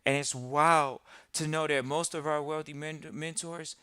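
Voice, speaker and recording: Bright, crisp-voiced man hosting a podcast. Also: fairly high pitch, unhurried, hardly any pauses, dry recording, studio quality. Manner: animated, mocking put-on quotes, repeats phrases for emphasis. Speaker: podcast host. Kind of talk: casual live-stream talk.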